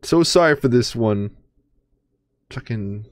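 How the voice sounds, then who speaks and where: A man's voice: mid-range voice, lively intonation, takes it slowly, no echo, studio quality. A young man doing a comedic dramatic reading, often laughing and breaking off to react while playing a game. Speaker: YouTuber reading fan fiction while gaming.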